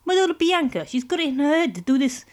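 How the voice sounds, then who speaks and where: A woman voicing a smooth, menacing male mob boss with a put-on New Jersey accent. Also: high-pitched, big pitch swings, fast talker, pitched above the performer's own voice.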